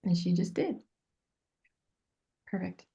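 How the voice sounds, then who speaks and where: A woman, a business mentor coaching a group on a call, earnest and animated, acting out bits of dialogue. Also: fairly low pitch, slow, vocal fry, highs cut off.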